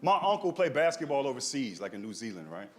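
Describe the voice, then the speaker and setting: A young man doing stand-up, telling a family story in a lively way and tagging his lines with "right?" and "dog". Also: mid-range voice, fast talker. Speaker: stand-up comedian. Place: comedy stage.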